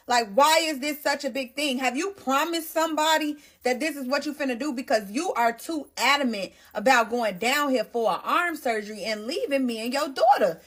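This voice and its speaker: This young adult woman speaks straight to her audience, telling a personal story with lots of emotion and animation. Her voice sits on the higher side, and she talks briskly with hardly any pauses.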